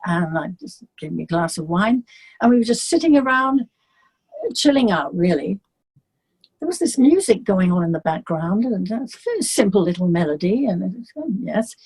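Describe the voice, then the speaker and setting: An older English woman, a singer being interviewed, telling stories in a lively way and acting out the people she quotes. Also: mid-range voice, normal speed, slightly rough. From England. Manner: animated storyteller, acts out the people she quotes. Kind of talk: casual storytelling.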